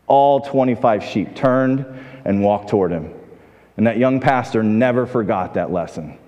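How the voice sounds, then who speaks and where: This pastor's mid-range, slightly mellow voice carries lively intonation at a moderate pace as he preaches, and the large hall gives it a long reverb. Speaking conversationally in the church sanctuary, he puts questions to the congregation and performs the quoted voices in his stories.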